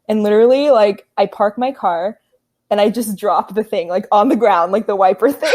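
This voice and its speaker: A woman in her twenties telling a story as a podcast guest, animated and laughing often, with lots of "like" fillers. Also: medium pitch, moderate pace. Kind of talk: casual chat.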